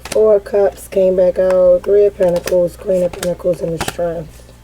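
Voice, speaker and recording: A woman giving a casual, animated tarot reading, swearing freely and breaking into sassy asides as she voices the cards. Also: fairly low pitch, a little slow, slight background noise, rough recording. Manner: chatty and animated, swears freely and laughs often. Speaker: tarot card reader.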